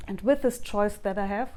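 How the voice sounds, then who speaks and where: Calm woman coaching a tapping session. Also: medium pitch. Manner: calm, self-reflective, repeats phrases for viewers to echo. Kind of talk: guided tapping tap-along.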